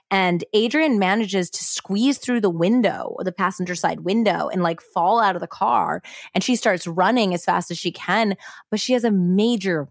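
Speaking in a lowish voice on a dry, clean studio recording, a female podcast host tells a true-crime story. She's chatty and blunt, profane, and leans on "like" constantly.

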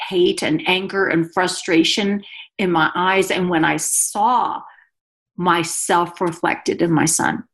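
A woman's voice: lowish voice, steady tone, takes it slowly, fairly bright tone. A woman guest giving an earnest, emotional personal testimony in conversation, a mother speaking about her life. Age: adult mother.

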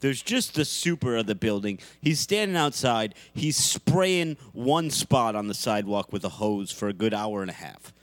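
A man's voice: lowish voice, animated, moderate pace, hardly any pauses, dry recording. A man co-hosting a casual podcast, riffing emphatically and playfully. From New York. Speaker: podcast co-host. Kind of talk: casual chat.

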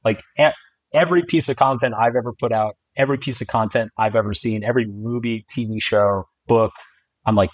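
A man's voice: medium pitch, steady tone, fairly quick, no echo, poor audio. A man in his forties, a guest author talking candidly and reflectively in a casual podcast chat, often laughing. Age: 40s.

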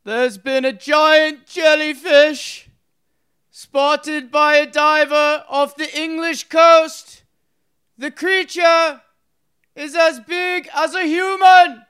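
Casting: a high, booming Roman orator, slow, grandiose, proclaiming from afar. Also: male voice, level tone, pushed and bright, full character voice.

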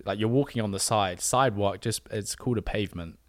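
A young Englishman with a low voice talks in a relaxed, halting way and often trips over his words before he settles. The sound is close and dry, with no room around it. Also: no room sound. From England. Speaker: guest co-host, boyfriend. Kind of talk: casual chat.

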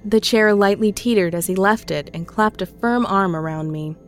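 A woman calmly narrating a scripted horror story in a measured storytelling voice. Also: mid-range voice. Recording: faint music underneath.

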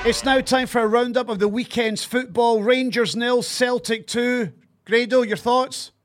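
A man's voice: extremely high pitch, steady tone, unhurried, soft background music. A Scottish man hosting a football podcast, reading sponsor details and weekend results. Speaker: podcast host. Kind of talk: casual podcast chat and sponsor read.

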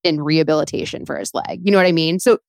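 A woman's voice: low-pitched, steady tone, quick pace, no room sound, studio quality. A woman chatting candidly and laughing, with lots of fillers, in a casual podcast conversation.

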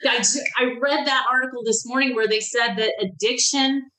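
A middle-aged woman appears as a podcast guest, describing her recovery with honesty and feeling and dramatizing the voices she quotes. The audio is poor; her fairly high voice is steady, bright and forceful, at a moderate pace.

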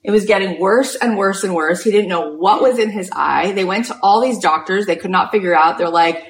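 A woman spiritual coach giving an inspirational storytelling talk, animated and full of "like" fillers. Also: mid-range voice, moderate pace, slight background noise. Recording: roomy echo.

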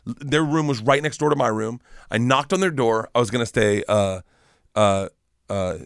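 A young American man spins a wild story on a podcast, swearing freely and jumping into loud acted-out quotes. His voice sits at an average pitch and sounds close and dry, with no room around it. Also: normal speed, clean tone, no echo. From United States. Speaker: comedian guest. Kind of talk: casual podcast chat, storytelling.

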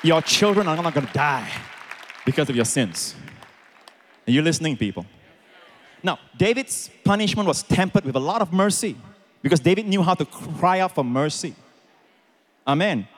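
A man's voice: fairly high pitch, animated, normal speed, pauses often, some chatter behind. Dynamic male pastor preaching with swings. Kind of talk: sermon. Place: large church auditorium with congregation.

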